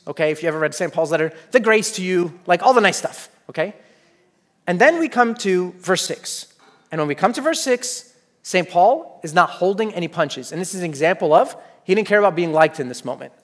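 A man preaching a sermon, animated, acting out the voices he quotes and often checking in with "okay?". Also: high-pitched.

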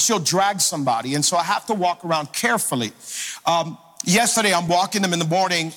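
A man preaching to his congregation as a pastor, energetic and playful, calling out to the crowd. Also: high-pitched. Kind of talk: sermon. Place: church sanctuary. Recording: long hall reverb with faint music.

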